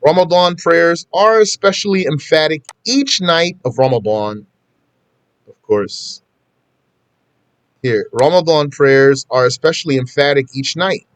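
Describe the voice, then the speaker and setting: A man's voice: on the high side, expressive, unhurried, dry recording. Man giving a casual, repetitive religious lesson. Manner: conversational, repeats points for emphasis. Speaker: Islamic teacher.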